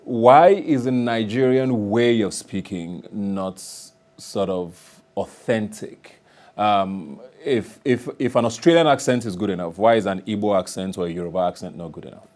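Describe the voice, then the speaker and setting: A man's voice: on the low side, moderate pace, a little mellow. A man hosting a panel discussion, asking probing questions. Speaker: talk show host.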